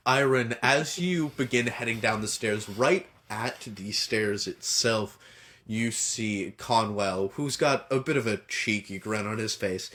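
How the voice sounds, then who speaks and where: A man's voice: mid-range voice, bright, forceful tone. A man narrating as game master in a tabletop game, laid-back and descriptive with frequent ums.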